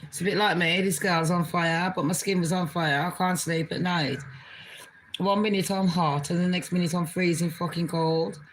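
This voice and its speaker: A woman's voice: on the low side, fairly even intonation, normal speed, background noise. A British Jamaican woman vlogging an angry political rant, heated and profane, swearing constantly.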